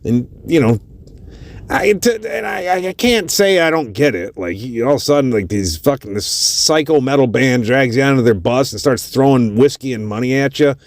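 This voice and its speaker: A man's voice: mid-range voice, animated, normal speed, dry recording. A man hosting a podcast, telling a story in a casual, profane way with lots of cursing. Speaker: podcast host.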